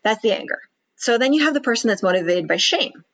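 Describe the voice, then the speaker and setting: A woman public speaking coach chatting in an interview, slipping into quick acted-out inner voices to make her point. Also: medium pitch, lively intonation, fairly bright tone, rough recording. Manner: acts out worried inner voices in quick asides. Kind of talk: podcast interview chat.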